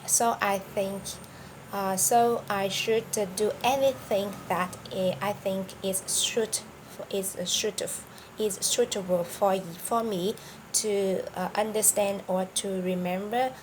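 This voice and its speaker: A woman's voice: mid-range voice, fairly even intonation, slow, slight background noise, low-quality recording. A woman with a Vietnamese accent, a native Vietnamese speaker teaching an English vocabulary lesson, hesitant with many fillers and restarts.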